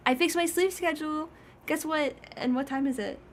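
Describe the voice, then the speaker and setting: A woman's voice: high-pitched, normal speed, slight background noise, voice pushed up, lightly acted. A woman voicing her young male house cat, who bossily scolds his owner to go to bed. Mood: bossy.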